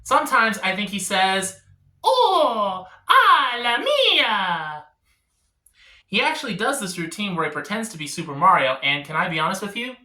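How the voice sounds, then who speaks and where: A man doing a stand-up comedy set on a live stage, telling animated stories and jumping into voices. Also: high-pitched, fast. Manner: jumps between voices, animated storytelling. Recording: echoey room.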